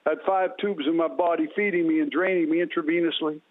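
A man's voice: on the high side, steady tone, fast talker. A man giving an impassioned, preacherly testimony and leading a prayer as a guest. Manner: impassioned, preacherly, repetitive phrasing. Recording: tinny phone line.

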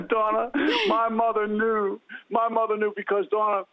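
A man's voice: high voice, monotone, normal speed, few pauses. Fervent man on a tinny phone line. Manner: impassioned, preacherly, repetitive phrasing. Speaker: guest giving testimony. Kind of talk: fervent testimony and prayer.

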